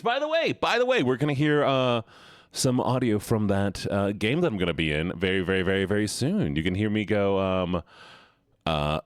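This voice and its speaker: A man's voice: on the low side, dry recording, clean studio sound. A young man streaming, chatting casually with viewers in a rambling way, repeating words and laughing often.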